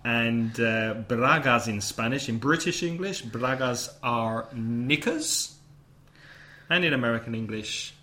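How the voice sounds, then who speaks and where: A man hosting a relaxed English-lesson podcast, explaining one word after another. His voice sits at a middle pitch. He throws in quick translations as he goes. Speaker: podcast host and English teacher. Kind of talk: casual teaching podcast.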